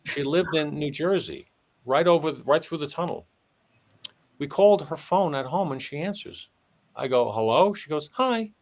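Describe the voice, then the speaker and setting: A man's voice: on the high side, normal speed. A man, a former police sergeant, telling a long story in conversation and acting out the voices of the people in it. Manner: animated, acts out dialogue with shifting voice.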